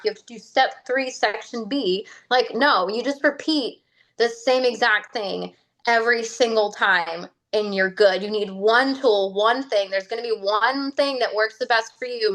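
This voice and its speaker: Woman client on a video call, chatty, laughs a lot, mid-pitched voice. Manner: chatty and animated, laughs often, slips into quoting her own self-talk. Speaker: coaching client sharing her story. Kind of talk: casual storytelling on a group call.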